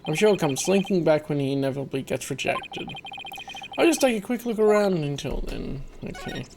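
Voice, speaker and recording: A woman's voice: low voice, sing-song, fairly quick, noisy background. A woman hosting a casual game playthrough, reading along and commenting in an amused way. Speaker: gaming host.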